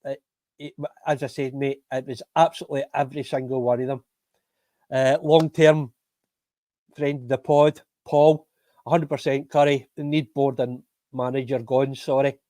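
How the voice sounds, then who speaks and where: A man's voice: mid-range voice, level tone, normal speed, warm tone, no room sound. A Scottish man hosting a football fan podcast live stream, ranting angrily with lots of swearing and bitter laughs.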